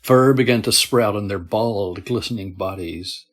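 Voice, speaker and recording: Guy with a breathy kind of voice reading a creepy story, calm and even. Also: lowish voice, unhurried. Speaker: story narrator. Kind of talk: scripted horror narration.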